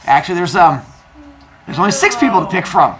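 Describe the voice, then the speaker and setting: A woman's voice: fairly low pitch, very animated, a little fast. A woman telling a myth as a comic story to a live audience, casual and chatty with jokey asides. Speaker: storyteller speaker. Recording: live room with audience noise.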